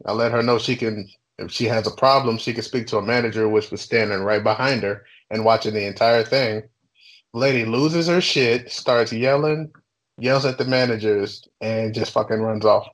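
A young adult man casually telling a workplace story on a podcast, swearing freely and talking with animated energy. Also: lowish voice, normal speed, rough recording. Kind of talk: casual chat.

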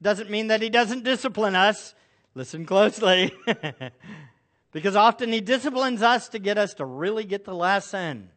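A man's voice: high-pitched, normal speed, hardly any pauses, a bit bright. A middle-aged male pastor preaching a sermon, asking the congregation rhetorical questions.

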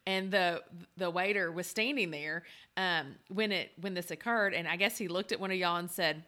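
A woman's voice: on the low side, normal speed, bright, forceful tone. A woman in her forties, telling a funny story in casual chat, laughing often with lots of fillers. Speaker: podcast co-host.

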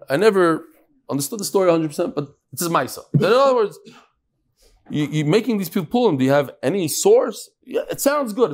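A high-voiced man leads a Talmud class with a voice that swoops up and down. He teaches by firing rhetorical questions at his students and often breaks off and restarts his sentences. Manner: animated, fires rhetorical questions, frequent restarts.

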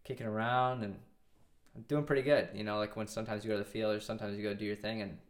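A man's voice: lowish voice, little pitch movement, fast talker. A man in his twenties telling a long story in a casual interview, rambling and restarting often. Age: 20s. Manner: rambling, with many restarts and quoted dialogue. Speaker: guest.

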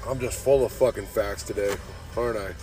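A man's voice: fairly low pitch, fairly even intonation, brisk, a little mellow, soft background music. A man hosting a podcast, talking in a casual, rambling way, swearing often and calling everyone "dude". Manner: profane, laid-back, says "dude" constantly. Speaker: podcast host.

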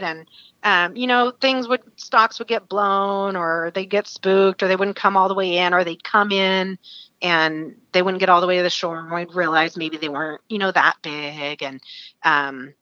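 A woman from Alaska, a guest, telling a story in a casual, animated way with many fillers and frequent laughter. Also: medium pitch, normal speed, dry recording, lo-fi sound.

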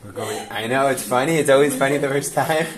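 Animated, coaxing male Torah teacher. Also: medium pitch, quick pace, a crowd in the background. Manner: animated and emphatic, coaxing a group along with frequent "okay?". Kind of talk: classroom Torah lesson, guiding a blessing.

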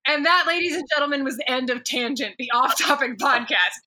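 A high-pitched woman with a very bright, sharp voice chats loosely as a podcast co-host. She scatters "like" through her sentences and swears offhandedly. The tone stays casual and conversational. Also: a little fast. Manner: chatty, swears casually, frequent "like" fillers. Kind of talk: casual chat.

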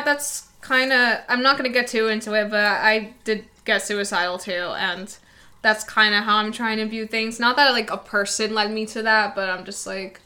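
A young woman from New Jersey with an American accent, trading casual remarks in conversation. Her voice is bright and mid-pitched. She reacts fast with short, dry quips. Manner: quick reactive quips and interjections. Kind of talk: casual chat.

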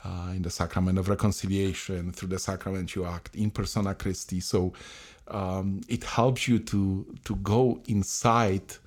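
Deep-voiced priest speaking haltingly. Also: male voice, flat delivery. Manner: halting, many restarts and fillers. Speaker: priest, podcast co-host. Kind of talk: conversational reflection.

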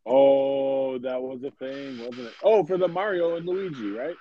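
A man co-hosting a podcast, easygoing and quick to laugh and react. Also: mid-range voice, dull audio, a little hiss or hum. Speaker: podcast co-host. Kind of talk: casual podcast banter.

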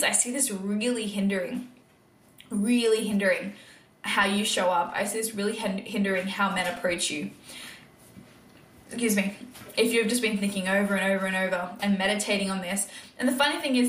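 A woman's voice: mid-range voice, fairly bright tone, roomy sound. A young adult woman hosting a faith podcast, speaking earnestly and candidly, laughing often and acting out her own past thoughts. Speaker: podcast host. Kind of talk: faith-based podcast monologue.

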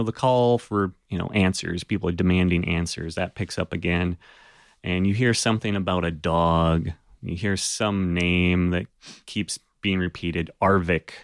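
A man's voice: fairly low pitch, clear, resonant tone, no echo, studio quality. A man narrating a tabletop game as game master, in a loose, conversational way with frequent fillers.

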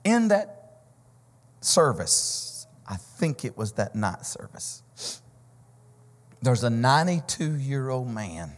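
A man preaching a Pentecostal sermon, telling testimony stories that build to shouting, sing-song peaks. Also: mid-range voice. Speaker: visiting preacher. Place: church sanctuary. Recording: church hall reverb with keyboard music.

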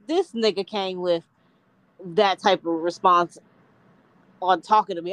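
A woman's voice: mid-range voice, measured pace, long pauses, no room sound, poor audio. A woman co-hosting a podcast, talking in a blunt, profane, emphatic way during a casual chat. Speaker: podcast co-host.

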